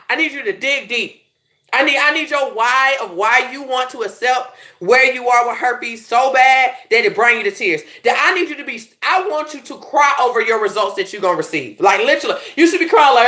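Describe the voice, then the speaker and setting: A woman life coach with a Belizean accent, giving an animated motivational talk straight to her viewers. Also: a little high. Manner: animated, preachy, direct address with "y'all".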